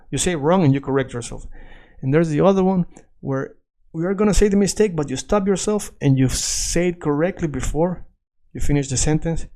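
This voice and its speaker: Brief: male language teacher, warm low-key tone, casual, talks students through points. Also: gravelly. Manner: chatty, self-correcting, repeats points to students. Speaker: Spanish teacher. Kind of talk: casual explanatory lesson.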